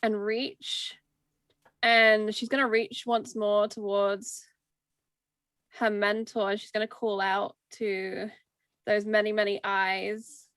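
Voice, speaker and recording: A woman playing a tabletop game, calmly describing what her character does. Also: mid-range voice, slow, dry recording. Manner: calm, descriptive storytelling. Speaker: player.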